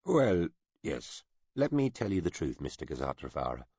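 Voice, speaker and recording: A man's voice: a bass voice, big pitch swings, normal speed, darkish tone, breathy edge, dry recording, lo-fi sound, full character voice. A man doing a wry, guarded woman agent. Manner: dry, terse, wry. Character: cool guarded female special agent.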